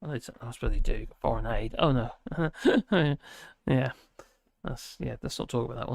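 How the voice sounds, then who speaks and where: A man's voice: medium pitch, normal speed, vocal fry, no echo, clean studio sound. A man hosting a casual livestream, reading viewer comments aloud and rambling with many fillers and restarts. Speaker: livestream host.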